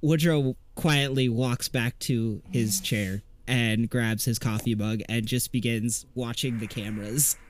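A man narrating a tabletop game as game master, in a relaxed, descriptive way. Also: medium pitch, unhurried, few pauses, slight background noise.

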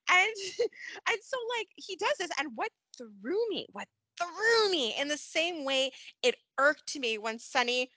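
A woman co-hosting a podcast in casual chat, animated and laughing, acting out characters' lines. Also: sits high, takes it slowly, dry recording. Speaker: podcast co-host. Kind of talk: casual chat recapping a soap opera.

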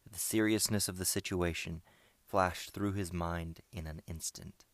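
A man narrating a storybook chapter in a steady, measured reading. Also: sits low, no room sound. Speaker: audiobook narrator. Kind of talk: scripted narration.

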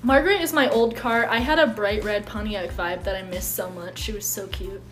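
A woman's voice: medium pitch, moderate pace, a bit bright, faint music behind. A woman co-hosting a casual podcast chat over a card game, chatty and self-deprecating. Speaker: podcast co-host.

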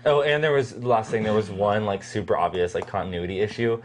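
A young adult co-host chats casually on a podcast at an ordinary middle pitch. The speaker retells movie scenes with lively, acted-out lines. The delivery is loose and conversational. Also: brisk. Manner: animated storyteller, acts out lines. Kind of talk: casual movie review chat.

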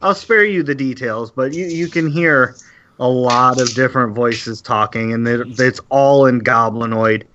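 A man narrating a tabletop game as game master, halting with frequent fillers, on dull lo-fi audio. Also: mid-range voice, sharp tone, slight background noise.

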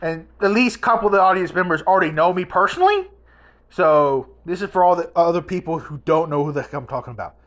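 A woman hosting a casual podcast, telling a family story in a rambling, animated way with many restarts. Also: on the low side, fast. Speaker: podcast host.

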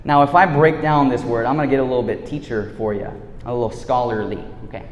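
A man's voice: mid-range voice, fairly even intonation, fast, slight background noise. Slangy preacher man in an echoey hall. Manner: laid-back, slangy, swings between hushed and loud. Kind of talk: casual sermon.

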